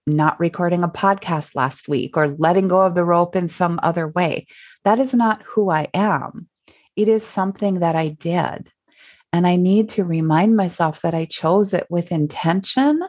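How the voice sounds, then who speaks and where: A middle-aged Minnesotan woman hosts her own podcast, talking casually in a reflective, chatty way with fillers and little laughs. Her voice is medium-pitched with a darkish tone and a noticeable Minnesota accent.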